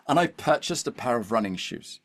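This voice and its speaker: A man's voice: mid-range voice, brisk. A middle-aged man, a podcast guest, telling a story animatedly and checking in with his listener often. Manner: animated, keeps checking in with "okay?" and "all right?". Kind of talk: storytelling conversation.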